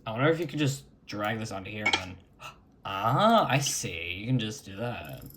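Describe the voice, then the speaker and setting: A man's voice: on the low side, very animated, noisy background. A man chatting casually as he records his screen and talks through an old computer setup. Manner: unhurried, chatty, mutters while clicking. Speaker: retro computing vlogger.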